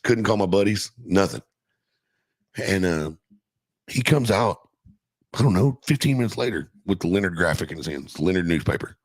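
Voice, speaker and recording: A man's voice: sits low, expressive, moderate pace, long pauses, husky, no echo. A middle-aged man casually telling a profane, laughing story from his youth as a podcast guest.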